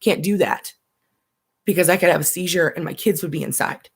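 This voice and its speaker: Woman, young adult, live-stream rant, blunt, swears a lot, impassioned, lowish voice. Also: brisk, gravelly, husky. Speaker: vlogger, stay-at-home mom.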